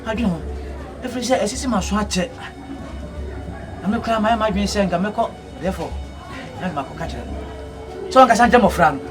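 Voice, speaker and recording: A man's voice: sits high, normal speed, long pauses, over music, a crowd in the background, close to an everyday voice. A man from Ghana acting a stern middle-aged family elder in a film drama, talking in an emphatic, insistent way, recorded with a distant mic under a film score. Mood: earnest.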